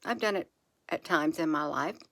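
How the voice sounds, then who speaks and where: A woman speaking softly and reassuringly to her viewers, repeating phrases slowly in an encouraging spiritual monologue. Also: sits low, gravelly, dry recording. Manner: soft, repetitive, reassuring, with slow drawn-out phrases. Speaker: channel host.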